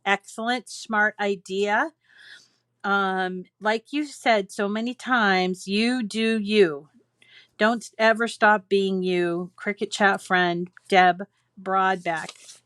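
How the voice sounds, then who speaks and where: A woman's voice: medium pitch, slow pace, a bit bright, clean tone, no echo. A woman hosting a crafting channel, chatting casually and gushing as she reads holiday cards from viewers aloud at home. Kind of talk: casual chat reading viewer mail.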